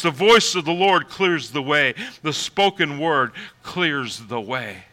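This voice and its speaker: A man preaching a sermon, moving from quiet reflection to shouted, high exclamations, with laughs between points. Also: animated, moderate pace, hardly any pauses, poor audio. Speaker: pastor.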